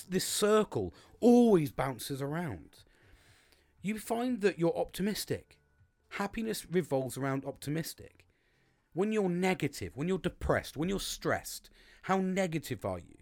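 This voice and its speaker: A man delivers a loose, rambling motivational monologue. His voice sits a touch high for a man and swings widely as he talks. He repeats himself and swears freely. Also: darkish tone.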